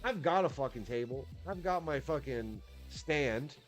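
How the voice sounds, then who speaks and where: Male streamer, casual rambling chat, swears freely, faint music behind, mid-pitched voice. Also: expressive, a little slow. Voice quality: laid-back, swears freely, many restarts.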